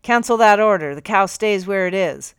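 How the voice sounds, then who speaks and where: A woman's voice: medium pitch, animated, moderate pace, smooth, no room sound, lightly acted. A woman voicing a stiff, commanding male army captain who barks orders, in an audiobook reading. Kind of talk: audiobook character voice.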